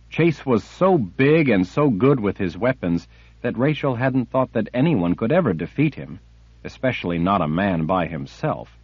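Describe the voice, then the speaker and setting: A man narrating a fantasy audiobook slowly and expressively. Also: lowish voice, husky, no room sound, muffled recording. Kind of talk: scripted narration.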